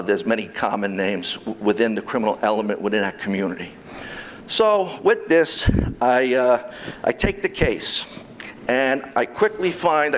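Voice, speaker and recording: A man's voice: medium pitch, a little hiss or hum. A man, a former police officer turned private investigator, giving a convention talk and telling stories of his cases with lots of quoted dialogue. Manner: animated storytelling, quotes others in dialogue. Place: convention hall.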